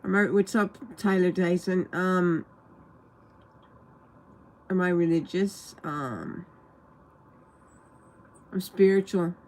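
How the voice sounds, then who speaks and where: A woman's voice: lowish voice, takes it slowly, long pauses, darkish tone. A woman rambling casually on a livestream, answering questions from viewers.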